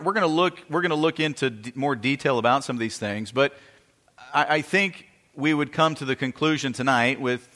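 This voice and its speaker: A man's voice: medium pitch, a bit bright. Earnest male pastor in a reverberant hall. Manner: earnest, repetitive, asks the audience questions. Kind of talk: sermon.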